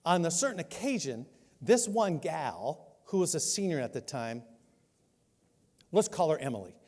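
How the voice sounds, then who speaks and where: Older male pastor, higher voice, animated, joking storyteller; reverberant church hall. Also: normal speed. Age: 60s. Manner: storytelling, self-mocking humor, animated. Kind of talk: sermon. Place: church sanctuary.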